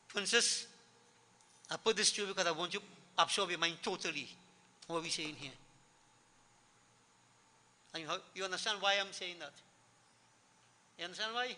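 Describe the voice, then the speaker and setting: A man gives an emphatic sermon at a devotional gathering, and his voice sits high. The tone is very bright and cutting. He rings out across a reverberant worship hall, quizzing his listeners and repeating his key words. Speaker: spiritual teacher.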